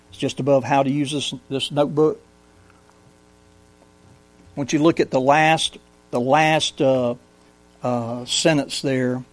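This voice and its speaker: A man teaching a Bible study in a conversational way, asking the congregation questions and reading scripture slowly. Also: mid-range voice, darkish tone. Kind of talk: sermon-style Bible teaching.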